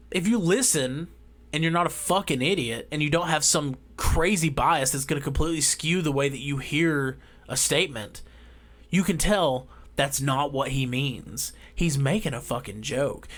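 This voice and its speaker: A man with a drawl delivering a heated, profane ranting monologue as a vlogger, swinging between loud outbursts and quiet asides. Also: on the high side, animated, normal speed.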